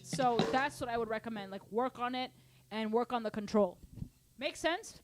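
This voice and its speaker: A woman's voice: fairly high pitch, moderate pace, over music. A woman teaching drums in a casual online lesson, chatty and playful, singing patterns aloud. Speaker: drum teacher answering student questions. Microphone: studio microphone at drum kit.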